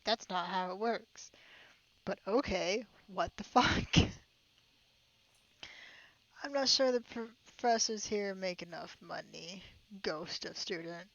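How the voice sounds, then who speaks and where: A woman's voice: mid-range voice, slow, pauses often, fairly bright tone, no room sound, highs cut off. A young woman streaming a game, reading it aloud and reacting with incredulous, laughing, sweary remarks.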